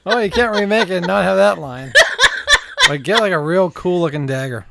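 A man's voice: high voice, animated, fairly quick, gravelly, heavy background noise. A man co-hosting a casual podcast chat, tossing in dry wisecracks and casual swearing. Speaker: podcast co-host.

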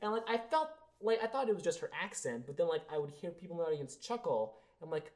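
A young podcast co-host chats casually about a film, rambling with lots of fillers and trailing off as he reviews it. He's a fast talker with a fairly high-pitched, animated voice.

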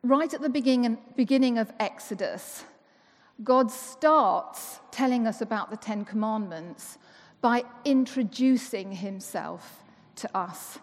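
A woman's voice: fairly high pitch, a little slow. A woman giving a chatty, playful sermon to a congregation in church. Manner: chatty and playful, asks rhetorical questions. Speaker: church member giving the talk. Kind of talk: conversational sermon. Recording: long reverb of a church hall.

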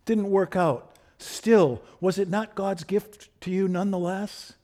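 A middle-aged man preaching a sermon, building to fervent repeated refrains and then dropping soft and low. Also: fairly even intonation, measured pace. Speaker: pastor.

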